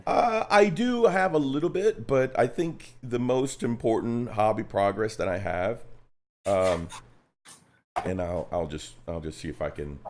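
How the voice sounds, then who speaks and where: A man's voice: lowish voice, unhurried, a little hiss or hum. A man co-hosting a hobby live stream, chatting casually and rambling with lots of "man" and mild swearing. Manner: rambling, animated, swears mildly, says "man" a lot. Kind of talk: casual chat.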